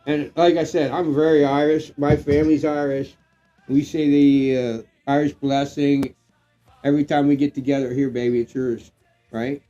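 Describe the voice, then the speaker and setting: A middle-aged man who is getting drunk, chatting loosely on a livestream, rambling, swearing and breaking into excited shouts. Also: fairly high pitch, normal speed, lo-fi sound, faint music behind. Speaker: live stream co-host. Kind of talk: casual livestream chat.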